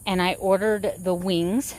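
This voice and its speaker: A middle-aged woman vlogs in a relaxed, chatty way, with a voice that sits a little low for a woman. She rambles and corrects herself mid-sentence as she talks to her viewers. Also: measured pace, a little hiss or hum. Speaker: vlogger. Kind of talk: casual chat.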